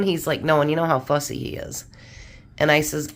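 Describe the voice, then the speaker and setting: A woman's voice: low voice, brisk. A woman chatting casually to camera while she cooks and tastes food in her home kitchen, with a chatty, homey manner. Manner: chatty, homey, talks while eating and tasting. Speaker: home cooking vlogger. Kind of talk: casual cooking chat to camera.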